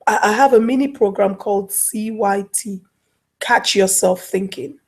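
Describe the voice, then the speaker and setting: Speaking a little slowly at medium pitch, a woman guest on an online talk show tells everyday stories in casual interview talk. She's a life coach and likes to act out little scenes.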